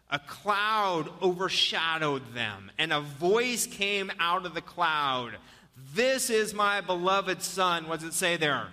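A pastor delivers a sermon in a high, very bright, sharp voice that rings through a long church-hall reverb. He launches into animated storytelling, then shifts to soft, earnest appeals to his congregation.

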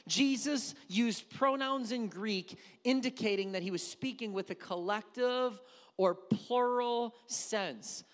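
High-voiced man preaching in a reverberant hall. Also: takes it slowly. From Wisconsin. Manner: emphatic, repeats key words for effect. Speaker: pastor. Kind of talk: sermon.

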